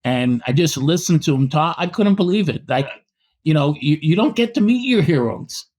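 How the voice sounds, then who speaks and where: A man from Canada in middle age spins long anecdotes for an interviewer, stumbling over restarts as he goes. His voice sits somewhat high for a man, and he performs the quoted lines in his stories with real animation. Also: lively intonation, moderate pace, darkish tone. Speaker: boxing historian and author. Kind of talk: storytelling in a podcast interview.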